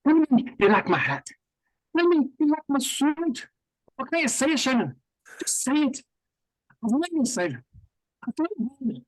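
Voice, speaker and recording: A hammy, pleading movie-hero brogue, as a man puts it on, pitched far above his normal speaking voice. The voice stretches out each line slowly and theatrically. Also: sing-song, no echo. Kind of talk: mock movie-line impression.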